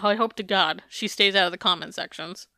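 Bright clear-voiced woman podcast host. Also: mid-range voice, brisk, dry recording, clean studio sound. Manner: candid, swears freely, filler-heavy. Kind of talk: reading a memoir aloud, then casual chat.

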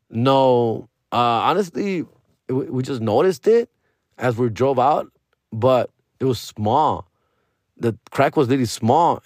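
Male podcast host, casual storyteller with a profane, animated delivery, close dry mic. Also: medium pitch, no echo. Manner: profane, animated retelling with quoted dialogue.

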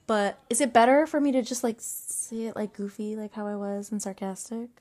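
A woman's voice: a little high, a little fast, a little mellow. A young woman hosting a podcast, rambling casually and self-consciously, full of likes and restarts. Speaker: podcast host.

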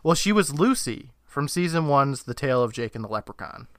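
A man co-hosting a podcast, casually recapping a TV episode with frequent laughter, swearing and quick impressions of the characters. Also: mid-range voice, big pitch swings, no echo, studio quality. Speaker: podcast co-host.

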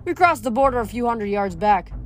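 A woman reading aloud voices a steady young man who answers in a calm, dry, matter-of-fact way. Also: on the high side, brisk, faint music behind, close to an everyday voice. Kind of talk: audiobook character voice.

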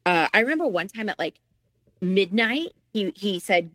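A middle-aged woman appears as a guest, candidly and emotionally telling her own painful story and acting out the lines she quotes. Her medium-pitched voice swings widely in pitch, brisk and a bit bright, with no room sound.

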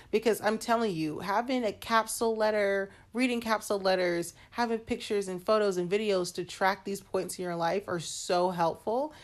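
Chatty woman podcaster talking to "y'all". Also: mid-range voice. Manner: chatty and candid, addresses listeners as "y'all" and "honey". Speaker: podcast host. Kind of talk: casual solo podcast talk.

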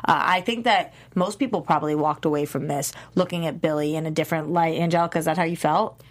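A woman's voice: low voice, fast talker. A woman hosting a casual discussion podcast, leading the talk and asking her co-hosts questions. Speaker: podcast host.

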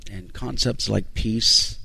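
Gravelly, low-voiced middle-aged man. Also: slow pace, sharp tone, dry recording. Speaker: caller sharing debt-free story.

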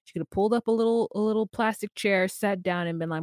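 A woman co-hosting a podcast, ranting in an animated, exasperated way during a casual TV recap. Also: mid-range voice, fast talker, no echo, studio quality. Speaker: podcast co-host.

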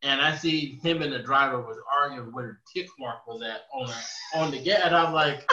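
A man telling a funny story in casual chat, laughing and climbing high and loud in the quoted lines. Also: animated, moderate pace. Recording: echoey room, far from a dull mic.

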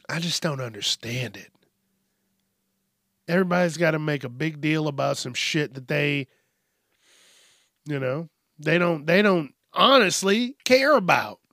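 A man's voice: on the high side, unhurried, long pauses, pushed and bright, dry recording, studio quality. A man hosting a news commentary show, ranting in a profane, sarcastic, exasperated way while drinking beer. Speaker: host.

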